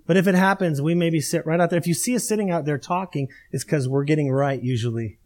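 Middle-aged man, pastor, high-pitched voice, emphatic sermon delivery with repeated phrases. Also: fast talker, a little mellow. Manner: emphatic, repetitive preaching cadence.

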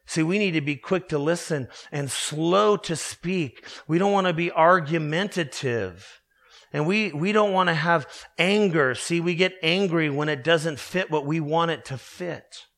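A man's voice: on the high side, fairly bright tone. A man pastor preaching a sermon, earnest and emphatic, asking the listeners rhetorical questions.

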